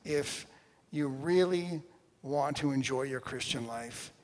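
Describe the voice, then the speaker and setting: A man preaching a sermon in an animated, joking way, dropping to a hush and then rising loud. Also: mid-range voice, slow, in a large hall. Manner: animated, jokey, swings between hushed and loud. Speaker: pastor.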